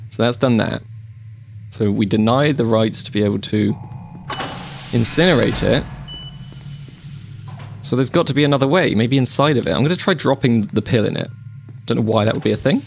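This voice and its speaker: A man's voice: mid-range voice, gravelly, a little hiss or hum. A man commentating his own gameplay, chatty and easily spooked, with panicked yelps and repeated phrases when scared. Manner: jumpy, panicky outbursts and yelps. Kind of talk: let's play commentary.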